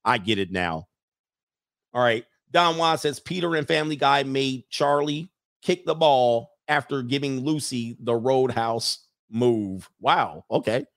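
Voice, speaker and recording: A man's voice: medium pitch, measured pace, gravelly, fairly bright tone, dry recording, studio quality. A man hosting a casual livestream, reading chat comments aloud and riffing on them in a brash, joking way, laughing often.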